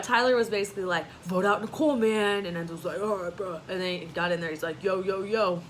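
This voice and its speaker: A woman's voice: mid-range voice, pushed and bright, slight background noise, low-quality recording. Sassy, chatty woman recapping TV. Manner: chatty and sassy, with quick asides and laughs. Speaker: reality TV recap host. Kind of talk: casual recap chat.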